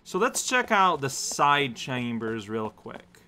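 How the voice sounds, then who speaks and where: A man casually commenting on his gameplay, musing out loud and rambling with lots of fillers. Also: medium pitch, big pitch swings, slow, a little hiss or hum. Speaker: let's play host.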